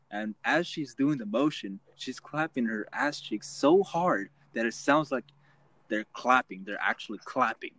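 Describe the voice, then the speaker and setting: A man's voice: on the low side, unhurried, a bit bright, low-quality recording. A young man co-hosting a casual podcast, telling a long story with lots of swearing and restarts. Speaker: podcast co-host. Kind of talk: casual chat.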